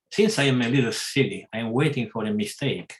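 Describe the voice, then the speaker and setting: A man giving a scripture class, talking in a halting way with many pauses and self-corrections. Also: medium pitch, a bit bright. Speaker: class speaker.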